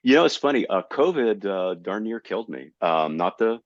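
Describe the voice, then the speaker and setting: A man in his sixties from Florida, a comedian guest telling animated stories in casual conversation. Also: on the low side, normal speed, no room sound. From Tampa, Florida. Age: 60s. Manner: animated storyteller. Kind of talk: casual storytelling. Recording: dull, slightly lo-fi dry recording.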